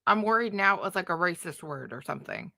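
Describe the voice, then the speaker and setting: A woman's voice: lowish voice, expressive, fast, gravelly, pushed and bright, no room sound, clean studio sound. A woman hosting a reaction stream, making sarcastic, exasperated remarks about a clip. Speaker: commentary channel host. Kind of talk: reaction commentary.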